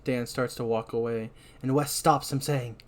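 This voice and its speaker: A man's voice: medium pitch, steady tone, moderate pace. A man hosting a podcast, recapping a horror movie in a rambling, self-deprecating way. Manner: rambling, self-deprecating, breaks into shouted line readings. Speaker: podcast host.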